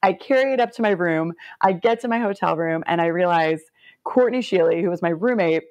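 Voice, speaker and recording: A woman's voice: lowish voice, fairly quick, no echo. A woman in her forties from the United States, a former Olympic swimmer, telling stories in a podcast interview, laughing often and acting out what people said. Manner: animated, laughs often, acts out quotes.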